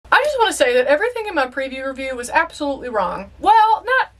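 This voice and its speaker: Against a noisy background, a young woman's high, bright voice rattles along quickly with hardly any pauses. Seeing a movie for the first time, she gets excitable and emotional, talking back to the characters.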